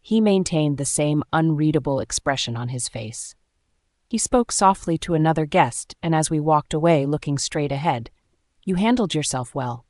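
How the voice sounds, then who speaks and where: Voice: medium pitch, moderate pace, darkish tone, no echo, clean studio sound. A narrator reading a first-person romance story aloud with dramatic, emotional delivery.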